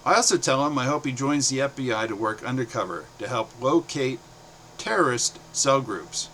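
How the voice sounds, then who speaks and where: A middle-aged man from the United States reading his own short stories aloud, in a plain, steady way with brief pauses. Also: medium pitch, slight background noise.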